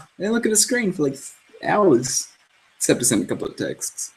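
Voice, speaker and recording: A man's voice: high voice, very animated, a little fast. A man co-hosting a podcast in casual chat, joking around, swearing freely and often trailing off mid-thought. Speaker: podcast co-host.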